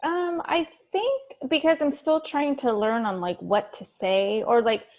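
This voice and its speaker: Hesitant woman with a gravelly voice. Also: high voice, a little slow, a little mellow. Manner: hesitant, many fillers. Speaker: sales team member. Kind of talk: casual chat on a video call.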